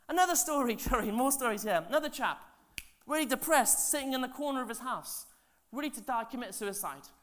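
Male pastor, lively sermon storyteller, loud then hushed, chatty asides. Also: very high-pitched, brisk. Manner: animated, swings between loud and hushed.

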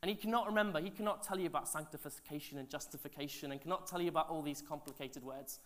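A man, a pastor telling stories in a sermon, animated and chatty with asides to the congregation, his voice swinging from loud to hushed. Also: on the high side, fast talker. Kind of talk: sermon storytelling.

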